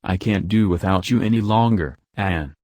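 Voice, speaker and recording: A man reading the part of an impassioned young man who pleads slowly and urgently. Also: low voice, a little mellow, no echo, close to an everyday voice.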